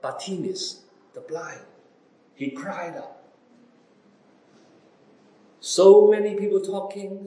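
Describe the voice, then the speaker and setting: A male preacher with a fairly high voice delivers his sermon slowly and deliberately. He presses his listeners with one rhetorical question after another, swinging from loud emphasis to near-quiet. The sound echoes around the room. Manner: repeated rhetorical questions to listeners, wide dramatic swings in pitch and loudness.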